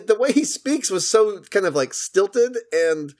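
A man co-hosting a podcast in casual chat, jokey and animated, quick to laugh. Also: sits high. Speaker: podcast co-host.

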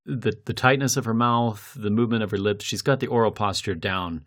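A man hosting a podcast in casual chat, thoughtful and measured, laughing between points. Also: on the low side. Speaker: podcast host.

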